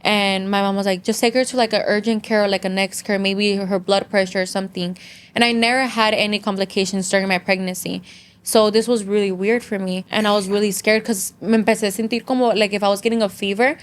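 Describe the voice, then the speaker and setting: A clean, mid-range voice with a steady tone and quick pace belongs to a young adult woman appearing as a podcast guest. In casual conversation she tells a story, alternating English and Spanish with plenty of "like" fillers, sounding sincere, emotional, and on the verge of tears.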